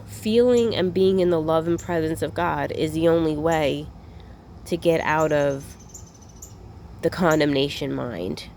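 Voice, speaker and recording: Gravelly woman musing on spiritual rest. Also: deep voice, mellow, a little hiss or hum. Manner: meandering, repeats herself, restarts phrases; earnest, occasionally blunt and profane. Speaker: spiritual vlogger. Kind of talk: unscripted spiritual reflection.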